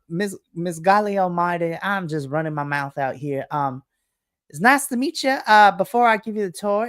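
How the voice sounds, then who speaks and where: A woman's voice: medium pitch, no room sound, clean studio sound, voice pushed up, lightly acted. A woman voicing a preppy, petite Southern school principal who gushes and calls everyone honey and darling. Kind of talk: tabletop role-play voice.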